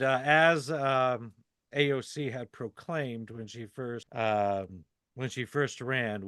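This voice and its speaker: A man hosting a podcast, asking interview questions slowly and deliberately, with frequent fillers. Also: mid-range voice, a bit bright, clear, resonant tone, dry recording. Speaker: podcast host.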